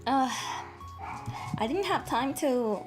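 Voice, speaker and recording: A woman's voice: high voice, lively intonation, slow, over music. A woman from Latin America streaming from her apartment with a sore throat, chatting casually and animatedly with her chat and swearing freely. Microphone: travel microphone.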